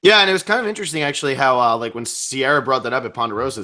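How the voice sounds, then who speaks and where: A young man co-hosting a casual live podcast, talking quickly in a rambling way, full of fillers and restarts. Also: medium pitch, pushed and bright. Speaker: co-host of a reality show podcast. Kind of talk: casual live-stream chat.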